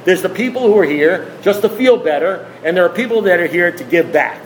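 High-voiced man preaching recovery. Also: animated, brisk, slight background noise, low-quality recording. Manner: emphatic, repetitive, full of rhetorical questions. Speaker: speaker at a recovery meeting. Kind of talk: impassioned talk to a group.

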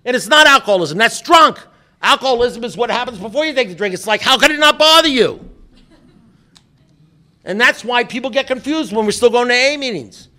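A man's voice: very high voice, lively intonation, fast talker, bright, forceful tone. A middle-aged man speaking at a recovery meeting, telling stories in a joking, blunt and profane way, often restarting his sentences. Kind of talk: storytelling talk to a meeting.

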